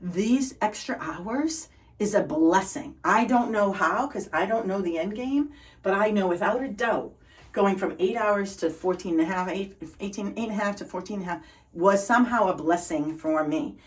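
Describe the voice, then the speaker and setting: A middle-aged woman with a Boston accent tells stories as an interview guest, bright with relentless positivity. Her voice sits at an ordinary pitch and sounds set back from the microphone. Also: moderate pace, recorded from a distance, low-quality recording. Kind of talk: upbeat storytelling in conversation.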